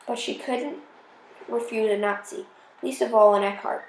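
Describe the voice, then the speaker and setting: A woman's voice: a little high, steady tone, normal speed, echoey room, slight background noise, low-quality recording. Woman reading aloud, stumbling and restarting. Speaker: audiobook reader.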